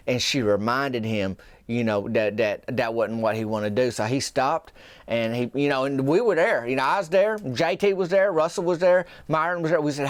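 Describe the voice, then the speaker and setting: A man telling a rambling comic tall tale as a podcast host, folksy and meandering with deadpan asides. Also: mid-range voice, a little fast, clean tone, no echo.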